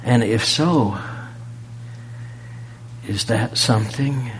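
A man preaching a sermon, pressing rhetorical questions and swinging from loud emphasis to a near-whisper. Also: mid-range voice, unhurried, slight background noise.

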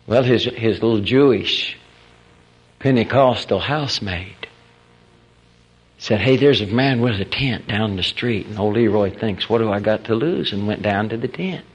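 A man preaching in a folksy, animated storytelling style, acting out the quotes of the people in his stories. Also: fairly low pitch, a little slow, breathy edge, lo-fi sound. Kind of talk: storytelling sermon.

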